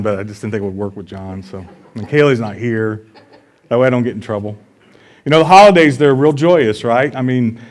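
A man with a Midwestern American accent preaching a sermon in a church, conversational and joking, often checking in with the congregation. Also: mid-range voice. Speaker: pastor. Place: church sanctuary.

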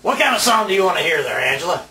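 A man's voice: sits high, sing-song, very fast, sharp tone, echoey room, far from the mic, slight background noise. A man playing a radio DJ in a comedy sketch, grumbling, exasperated and sarcastic.

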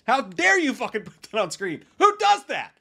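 Loud, animated man ranting about a movie. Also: very high-pitched, moderate pace, vocal fry. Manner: animated, swearing, mocking impressions, laughs often. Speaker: movie review host. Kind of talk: casual profane movie rant.

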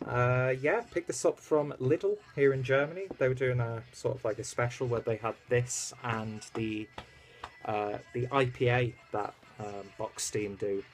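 A man's voice: medium pitch, fairly even intonation, unhurried. A man from the UK, casually reviewing a beer in a rambling, easygoing way full of fillers. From United Kingdom. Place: at home in Germany.

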